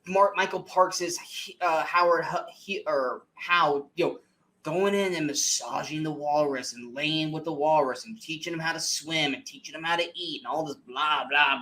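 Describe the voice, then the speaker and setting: A man co-hosting a movie review podcast, ranting in an animated, exasperated way with plenty of swearing. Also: a little high. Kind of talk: casual movie review chat.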